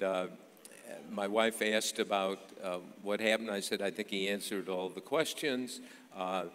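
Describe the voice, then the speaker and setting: A man's voice: on the low side, a bit bright. An older man telling a story to an audience with dry humor, stopping often with fillers. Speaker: speaker telling an anecdote. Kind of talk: storytelling speech. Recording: long reverb of a large hall.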